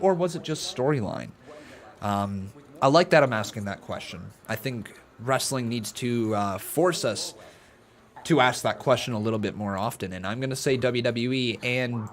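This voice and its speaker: Guy hosting a live stream, chatty and excitable, voice jumps around a lot, thanks folks for donos. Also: medium pitch. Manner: animated, reads out donations, laughs at own jokes. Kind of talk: casual watch-along chat with live chat.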